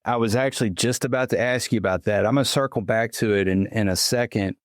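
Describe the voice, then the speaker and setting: Easygoing low-voiced male podcast host. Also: fast talker, no echo. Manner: easygoing, conversational. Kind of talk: casual interview chat.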